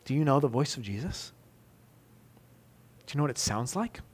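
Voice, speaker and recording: A man, likely in his thirties, preaching a sermon as pastor, moving between emphatic loud peaks and soft, intimate questions. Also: medium pitch, expressive, moderate pace, husky.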